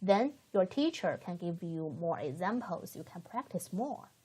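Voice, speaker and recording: Woman, language teacher, patient step-by-step explaining, lively intonation, slow pace. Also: lowish voice, slightly rough. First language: Chinese. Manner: patient, explains step by step and models words for learners to repeat. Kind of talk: slow, careful language lesson.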